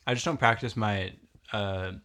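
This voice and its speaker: A young man hosting a casual podcast, encouraging and quick to laugh. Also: lowish voice, bright, forceful tone. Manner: encouraging, giggly. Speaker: podcast host. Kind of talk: casual chat.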